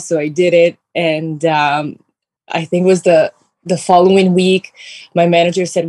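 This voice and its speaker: A woman's voice: on the low side, little pitch movement, moderate pace, a little mellow, no echo. A woman from Italy with an Italian accent, speaking as a guest over a phone video call from her bedroom, breezy and a little sassy. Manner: breezy, sassy, many fillers. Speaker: guest actress. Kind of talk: casual interview chat.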